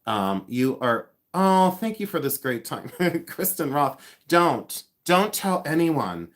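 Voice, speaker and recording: Speaking slowly in a fairly high, sing-song voice, a fifties-aged man hosts a relaxed livestream chat. He jokes with viewers by name and ribs himself playfully, now and then humming or scatting a tune.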